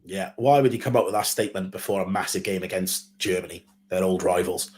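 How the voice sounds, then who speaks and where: A man's voice: deep voice, steady tone, fairly quick, darkish tone. Laid-back man giving brief replies. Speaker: football watchalong co-host. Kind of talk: casual live football chat.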